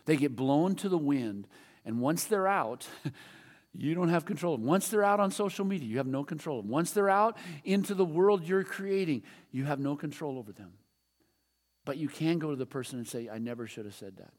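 A man's voice: fairly high pitch, moderate pace. Preaching man in a reverberant hall. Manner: animated preaching with quoted prayers. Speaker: pastor. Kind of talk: sermon.

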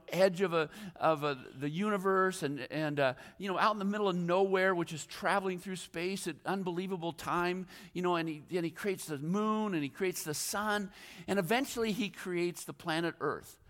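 A man's voice: high-pitched, fairly bright tone. A male pastor preaching a sermon in a rambling, self-deprecating storytelling way, full of fillers and restarts. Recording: long reverb of a large hall.

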